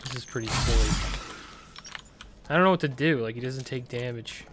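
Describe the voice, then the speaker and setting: A man casually commentating his video game playthrough, chatty and excitable, recorded on a desktop mic at home. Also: mid-range voice, moderate pace, noisy background. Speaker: gameplay commentator.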